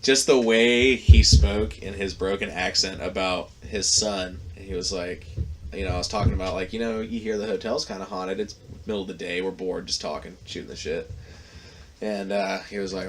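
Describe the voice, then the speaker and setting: A man's voice: sits low, fairly even intonation, normal speed, slight background noise. A man hosting a podcast, telling a long story in a casual, profane, rambling way with lots of fillers. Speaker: podcast host.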